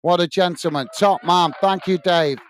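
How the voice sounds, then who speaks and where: Giving step-by-step play-by-play during a live watch-along, this man shouts out chat viewers by name between moves. He speaks at a moderate pace in a high-pitched voice, with a little hiss or hum on the recording.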